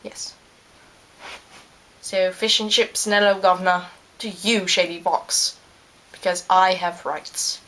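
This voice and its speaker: A woman playing a smug, rambling male scientist character in a fan-made in-character video, talking with plenty of ums and trailing pauses. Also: on the low side, fairly even intonation, fairly bright tone.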